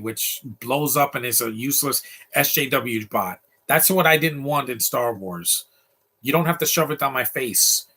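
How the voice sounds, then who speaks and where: A man's voice: medium pitch, moderate pace, bright, forceful tone, husky. A man giving casual, opinionated live commentary while watching a movie, ranting freely.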